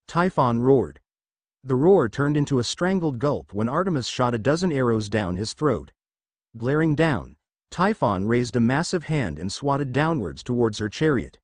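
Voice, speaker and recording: A man's voice: medium pitch, big pitch swings, normal speed, no echo. A man reading a fanfiction adventure aloud as narrator, voicing every character in much the same voice.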